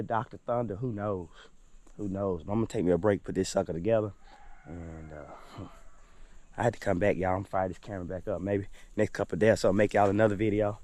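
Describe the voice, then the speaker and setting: A man's voice: lowish voice, a little mellow. Folksy man vlogging outdoors. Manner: folksy, repeats his phrases, talks straight to viewers. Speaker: homestead vlogger. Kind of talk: casual talk to camera while working. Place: outdoors in a yard.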